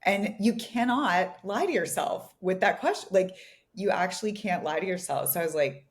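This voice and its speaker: A woman's voice: mid-range voice, moderate pace. A woman co-hosting a podcast as a relationship coach, reflective and given to laughing and saying "like". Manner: reflective, laughs often, many fillers like "like". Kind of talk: casual podcast conversation.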